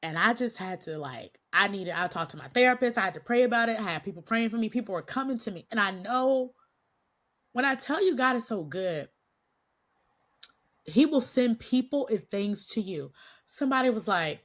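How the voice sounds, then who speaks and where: A woman's voice: mid-range voice, moderate pace. A woman guest on a podcast, a Christian coach, animatedly telling a story with frequent laughs and a slightly nasal voice from a cold. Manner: animated, laughing often, acts out quotes. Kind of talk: casual storytelling interview.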